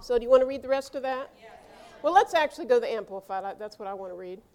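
A middle-aged woman pastor delivers a lively sermon, acting out quoted dialogue and rising into shouts. Her voice is fairly high-pitched and fast, with a faint crowd in the background.

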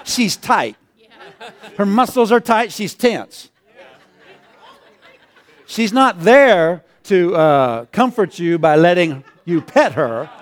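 Male pastor, high voice, chuckly sermon delivery, calls for amens. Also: lively intonation, slow pace, long pauses, a faint crowd. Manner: chuckling, call-and-response.

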